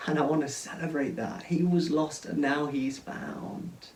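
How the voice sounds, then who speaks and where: Preacher putting on an elderly loving father in a retold parable, warm and urgent, heard from a distance. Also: a little high, steady tone, a little slow, a little hiss or hum, natural voice. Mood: tender, pleading. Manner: urgent, joyful commands. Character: loving, forgiving old father welcoming his son home. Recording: roomy sound, mic at a distance.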